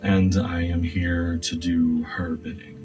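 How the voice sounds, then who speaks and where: A man voicing a tall, thin, spider-like veiled being of no clear sex, speaking slowly and cryptically in a tabletop game. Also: deep voice, flat delivery, darkish tone. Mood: cryptic. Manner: slow, solemn and cryptic. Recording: distant mic with faint music.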